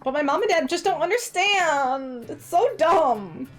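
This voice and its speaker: A woman's voice: sits high, animated, unhurried, fairly bright tone, soft background music. A woman voicing a whiny young boy who sulks about not having the same toys as the other kids. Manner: whiny, pleading.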